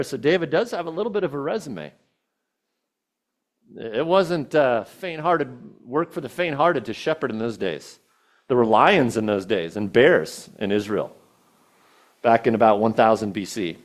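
Animated male preacher telling a story. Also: medium pitch, measured pace. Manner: animated storytelling, casual asides, quoting scripture. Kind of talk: sermon.

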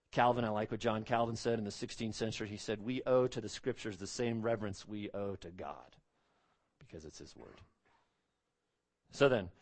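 Earnest, emphatic male preacher. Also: mid-range voice. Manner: earnest, emphatic preaching with repeated phrases and drawn-out stresses. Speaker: pastor. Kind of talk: expository sermon.

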